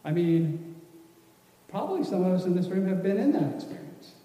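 A man's voice: high voice, very animated, normal speed, mellow. A man giving a folksy, rambling teaching talk to a room, full of restarts. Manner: casual, rambling, many restarts. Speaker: church class speaker. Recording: echoey hall from far off.

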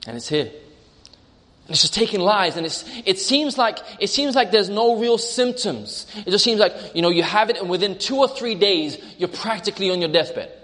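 A man's voice: high-pitched, animated, normal speed, a bit bright, long reverb tail. A male preacher delivering a sermon, storytelling through a vivid imagined scene.

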